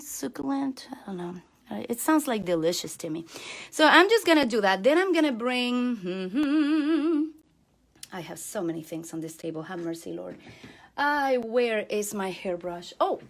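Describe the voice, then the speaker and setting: A woman's voice: medium pitch, slight background noise. A woman hosting a card-making channel, chatting while she works and answering viewers' comments, speaking English that is not her first language. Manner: chatty and self-deprecating, talks while working. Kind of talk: live crafting demo, reading viewer comments.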